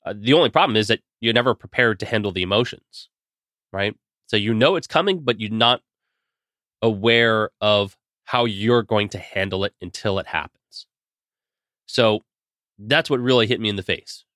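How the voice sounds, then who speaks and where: A man hosting a solo podcast, talking earnestly and warmly straight to his listeners while he is getting over a cold. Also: on the low side, moderate pace, no room sound, clean studio sound. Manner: earnest, heartfelt, speaks directly to listeners. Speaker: podcast host.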